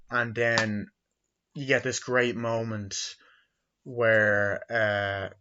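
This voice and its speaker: A young man in his twenties giving a rambling, profane movie review, acting out quotes in silly high voices. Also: level tone, takes it slowly, muffled recording, background noise. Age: 20s.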